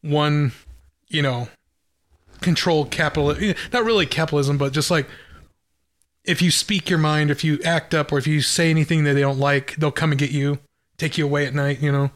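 A fairly high-voiced man from Wyoming rambles through loose podcast talk. He laughs often and trails off between thoughts. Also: steady tone, moderate pace. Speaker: podcast co-host. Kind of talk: casual podcast chat.

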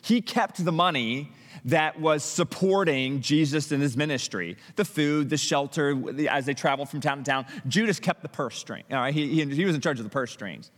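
Male pastor, sermon, storytelling delivery, stumbling restarts, slightly high voice, long hall reverb. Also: normal speed. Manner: animated storytelling with frequent restarts and acted-out quotes.

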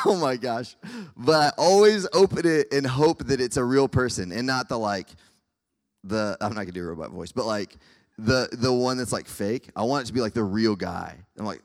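A man's voice: medium pitch, brisk. A young man giving a casual, conversational sermon to students, full of fillers and asides. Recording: hall reverb.

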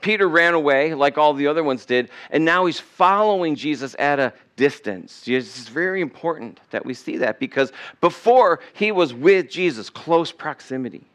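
In a church sanctuary, a male pastor whose voice is fairly high and bright gives a conversational sermon. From time to time he impersonates the characters he's describing.

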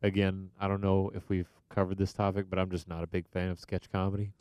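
A male co-host with a low, smooth voice chats in a dry, wry way and pauses often. He sits close to his own mic, so the sound is dry and intimate. His manner is hesitant rather than showy. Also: monotone, a little mellow, no echo. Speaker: podcast co-host. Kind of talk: casual chat. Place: remote, outside the studio. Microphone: close to his own microphone.

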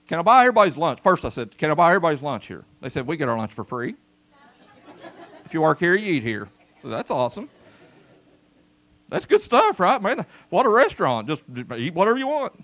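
With a fairly high pitch and a brisk delivery broken by frequent pauses, a man gives a sermon as pastor of his church. His folksy storytelling is animated, and he calls out to the congregation during the service.

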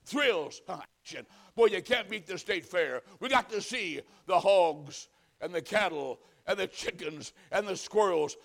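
A man preaching a sermon, telling folksy stories and swinging from loud punchlines to hushed pleading. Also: high-pitched, expressive, unhurried, creaky. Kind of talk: humorous sermon.

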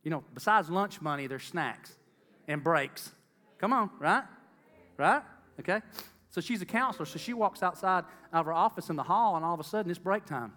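Speaking at a moderate pace, this middle-aged lay preacher gives an earnest testimony sermon, calling out to the congregation and repeating phrases for emphasis. His voice sits high, with lively intonation and a pushed, bright quality, and it carries a big-room sound.

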